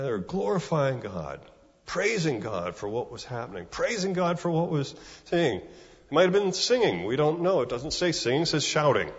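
A man's voice: fairly high pitch, long reverb tail, dull audio. A man preaching a sermon in a conversational way, often repeating words and asking "right?". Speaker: pastor.

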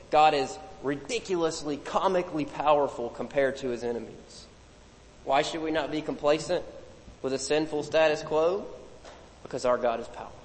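A man preaching a sermon in a casual, joking way, with asides and laughs between points. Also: mid-range voice. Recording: long hall reverb.

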